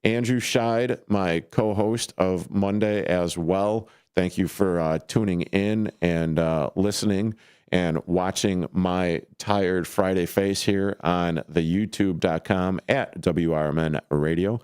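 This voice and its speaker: Speaking slowly in a deep, darkish voice, this man runs a casual sports talk radio show from a studio. His talk wanders, full of fillers and false starts, and the studio microphone captures a clean, dry sound.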